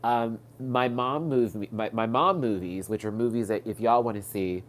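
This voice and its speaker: A man's voice: medium pitch, normal speed, a little hiss or hum. Tearful, stuffed-up man telling stories. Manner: emotional, rambling, with frequent fillers and restarts. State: stuffed up from crying. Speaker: live-stream host. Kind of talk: casual personal storytelling. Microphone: webcam or phone mic on a live stream.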